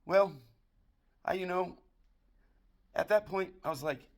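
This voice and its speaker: Slowly and in a high voice, an American barroom joke teller works through a crude monologue of dirty jokes. He swears freely but stays deadpan and matter-of-fact throughout.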